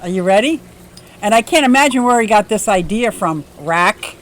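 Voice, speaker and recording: This livestream host, a woman in her fifties, is out in a yard greeting her viewers by name in a bubbly, chatty way. She speaks at a moderate pace in an animated, medium-pitched voice, and there's a little hiss or hum.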